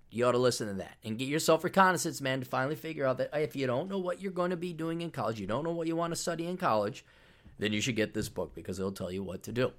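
Middle-aged male podcast host, brash and sarcastic, profane casual monologue. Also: medium pitch. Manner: brash, sarcastic, profane, plugging his own books.

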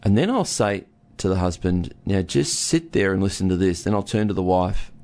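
A man's voice: sits low, normal speed, a little mellow. A man who counsels couples, explaining listening through an everyday story, acting out both partners as he goes. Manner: storytelling, acts out husband and wife. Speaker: relationship counsellor. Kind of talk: casual teaching talk with a co-host.

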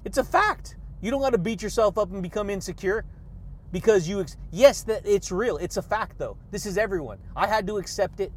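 Man, podcast host, motivational monologue, high-pitched, hyped, frequent laughter. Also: brisk, a little hiss or hum. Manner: hyped, laughs often, catchphrase shouts.

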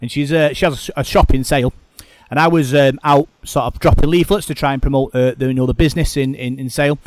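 A man's voice: medium pitch, fairly even intonation, quick pace, no room sound. Chatty man, rambling host. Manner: rambling, frequent restarts and repeated words. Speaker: podcast host. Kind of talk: casual chat.

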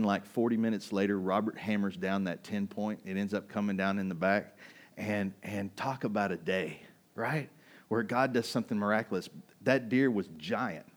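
A male pastor with a low voice, preaching in a casual, storytelling way. He talks to his congregation in a restaurant used as a meeting place, with quick asides and questions thrown to the room. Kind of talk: sermon with personal storytelling. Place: restaurant used as a church hall.

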